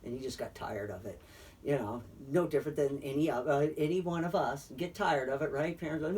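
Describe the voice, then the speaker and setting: A man's voice: on the high side, a little fast, a little mellow, a little hiss or hum. A man casually retelling a story in a faith chat, rambling with fillers and swearing. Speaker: friend in a faith discussion. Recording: distant mic.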